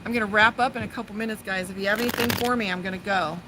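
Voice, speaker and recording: A woman's voice: medium pitch, fairly even intonation, very fast, background noise. Chatty, foul-mouthed woman reading tarot outdoors. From Las Vegas, USA. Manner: chatty, profane, breaks off to talk to her dog. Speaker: tarot reader and psychic. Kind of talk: casual live-streamed tarot reading. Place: outdoors by a pool.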